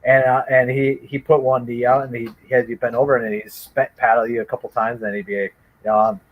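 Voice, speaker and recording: Guy telling an old story, lots of restarts, chatty, mid-pitched. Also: fast, narrow, tinny audio. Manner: rambling animated storytelling with many restarts. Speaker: guest storyteller. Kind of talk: casual chat.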